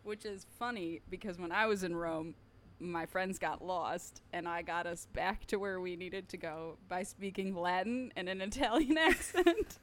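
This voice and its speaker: A woman co-hosting a podcast, chatting casually with quick, wry interjections. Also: lowish voice. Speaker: podcast co-host. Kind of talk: casual chat.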